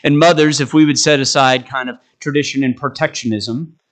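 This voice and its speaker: A man's voice: mid-range voice, steady tone, fairly quick, rough recording. A man preaching a sermon, exhorting his listeners with stacked rhetorical questions.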